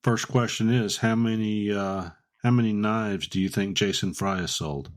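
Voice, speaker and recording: A man's voice: fairly low pitch, steady tone, normal speed. A man hosting a casual podcast, rambling and joking between ad plugs. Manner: rambling, jokey, reads ad plugs. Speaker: podcast host.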